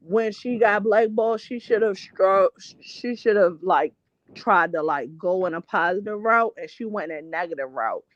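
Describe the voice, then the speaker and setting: A woman with a mid-range voice hosts a casual gossip chat at a moderate pace. She talks bluntly, swears a lot, and keeps stopping and restarting as she rambles. The recording is dry with no echo, dull and lo-fi.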